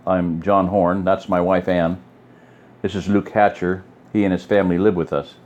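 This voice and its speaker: A man's voice: sits low, little pitch movement, moderate pace, a little mellow, highs cut off, natural voice. A man voicing a wary, hesitant family man in an audiobook reading. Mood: plain.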